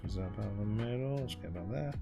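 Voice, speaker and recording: A man's voice: fairly low pitch, expressive, quick pace, creaky, over music. A man hosting a casual livestream, chatting and thanking viewers while he paints miniatures. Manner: chatty, reads out and thanks chat while painting, laughs often. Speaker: livestream host.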